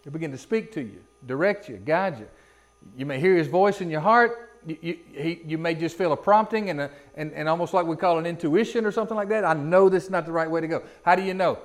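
High-voiced pastor preaching. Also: male voice, fast. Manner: folksy preaching with rhetorical questions. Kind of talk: sermon.

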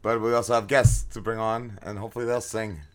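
A man's voice: on the low side, level tone, fast talker, a crowd in the background. A man co-hosting a podcast, rambling in crude, profane banter with mumbled asides. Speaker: podcast co-host.

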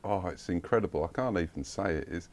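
A deep, gravelly man talks in a relaxed podcast chat. He has a dry, deadpan sense of humour and a low, rough-edged voice. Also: quick pace. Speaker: event organiser.

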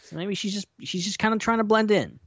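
A man's voice: high voice, a little fast, a bit bright, husky, no echo, lo-fi sound. A man co-hosting a podcast in casual chat, rambling and speculating with many fillers. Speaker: podcast co-host.

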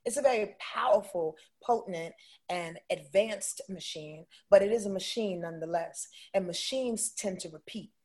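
A woman speaking as an interview guest about intuition, animated and emphatic, often checking in with "right?". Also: medium pitch, normal speed, breathy edge. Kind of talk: casual conversational interview.

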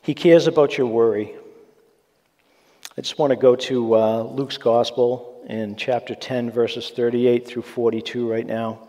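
A man's voice: mid-range voice, steady tone, unhurried, mellow. Earnest male preacher in a reverberant hall. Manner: earnest, conversational preaching with asides. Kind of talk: sermon. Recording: long reverb of a large hall.

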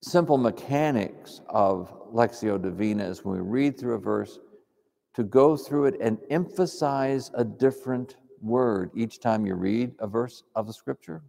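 A man teaches a congregation in a calm, reflective sermon, talking through prayer like he's chatting with friends. His voice is gravelly and mellow. The sound hangs in a long hall reverb. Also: medium pitch, a little slow. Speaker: preacher.

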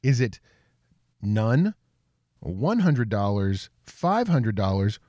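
A man's voice: on the low side, very animated, takes it slowly, mellow, no echo, studio quality. A man hosting a playful quiz segment, reading out questions and answer options, often laughing. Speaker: quiz host.

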